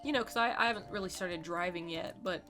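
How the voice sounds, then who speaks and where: A woman's voice: fairly low pitch, fast, music in the background. A young woman in her late teens, chatting through a dramatic, exasperated storytime rant while playing a game. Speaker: gaming YouTuber.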